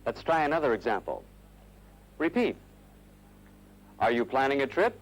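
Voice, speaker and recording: A man narrating a scripted English lesson from a 1970s course film, modelling phrases slowly and clearly for learners to repeat. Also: mid-range voice, sing-song, poor audio.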